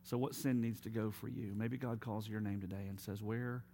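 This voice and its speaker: A man preaching a sermon as pastor, telling stories and dropping to quiet, emphatic appeals. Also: lowish voice, steady tone, fairly quick, creaky, slight background noise.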